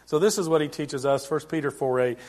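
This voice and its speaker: A middle-aged man preaching a sermon as pastor, in a conversational way with frequent restarts and swings in loudness. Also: on the high side, brisk.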